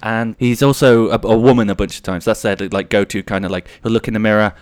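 A man's voice: lowish voice, steady tone, quick pace, dry recording. A man in his thirties hosting a podcast solo, rambling through jokey anecdotes. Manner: rambling, jokey, slips into silly voices. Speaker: podcast host.

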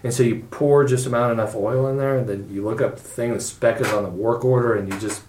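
A man's voice: mid-range voice, fairly even intonation, fast talker, a little mellow. A middle-aged man chatting casually on a podcast, rambling and swearing as he tells stories. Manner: rambling, profane, loose storytelling. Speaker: podcast regular. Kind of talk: casual chat. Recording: echoey room with faint noise.

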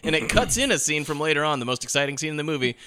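A man co-hosting a film podcast, with a bright, crisp voice. His pitch swings widely as he tells the stories, and he swears freely. Casual and animated. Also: very fast, a little hiss or hum. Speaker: podcast co-host. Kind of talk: casual movie chat.

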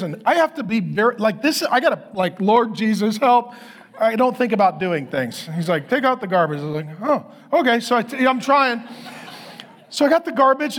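A man in his fifties, a pastor, giving a sermon as animated, self-deprecating stories. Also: very high-pitched. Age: 50s. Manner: animated, self-deprecating storytelling with acted quotes.

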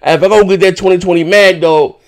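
A man's voice: high-pitched, steady tone, a little fast. A man streaming live, telling rambling, profane stories to his subscribers in casual banter. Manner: profane, rambling storytelling with many fillers.

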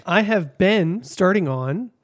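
A man's voice: sits high, lively intonation, slow pace. A young man, chatting casually and rambling as a podcast co-host. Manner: rambling, laughs often, many fillers.

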